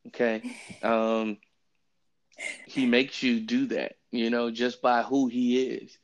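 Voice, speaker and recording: A man hosts a casual Bible study podcast over a phone app, rambling with many fillers. His voice is smooth and even, with a narrow pitch range. The phone recording sounds dull and lo-fi. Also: slow pace. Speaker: podcast host. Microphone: phone app, remote recording.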